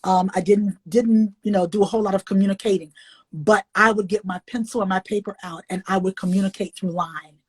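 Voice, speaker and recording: A woman's voice: a little fast, slightly rough. An older woman, an author and illustrator, talking in a folksy, emotional way on a video call interview. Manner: expressive, folksy, emotional, swings up high when animated. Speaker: children's book author and illustrator.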